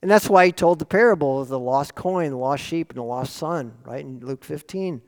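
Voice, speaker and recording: A man preaching a sermon in an earnest, lively way, often asking rhetorical questions. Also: fairly high pitch, moderate pace. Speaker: pastor. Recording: long reverb of a large hall.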